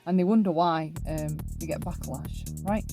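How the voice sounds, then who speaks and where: A woman's voice: deep voice, moderate pace, gravelly, music in the background. A woman hosting an opinion commentary, talking emphatically and often tagging her points with a question. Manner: emphatic, keeps asking "right?". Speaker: commentary channel host.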